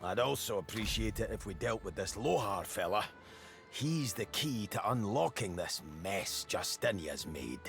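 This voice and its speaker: A man's voice: fairly low pitch, expressive, a little slow. An actor playing a blunt, sceptical male dwarf rebel in a video game, speaking plainly with a wry edge. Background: faint game music.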